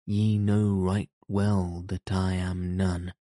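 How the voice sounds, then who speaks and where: A man's voice: low-pitched, flat delivery, takes it slowly, warm tone, no echo, clean studio sound. A man voicing a weary, timid young companion. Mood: plain. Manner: pleading, archaic speech. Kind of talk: audiobook character reading.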